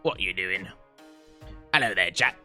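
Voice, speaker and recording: A man's voice: sits low, expressive, measured pace, sharp tone, faint music behind, pitched below the performer's own voice, full character voice. A man putting on a cheeky taxi car. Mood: jaunty. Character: chirpy cockney male taxi car.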